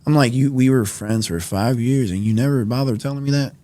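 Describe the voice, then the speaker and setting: Animated young man telling his story. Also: medium pitch, a little fast, no room sound. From New York. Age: 20s. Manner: animated storyteller, acts out quoted dialogue, many fillers. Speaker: podcast guest. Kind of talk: personal testimony in casual conversation. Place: podcast studio.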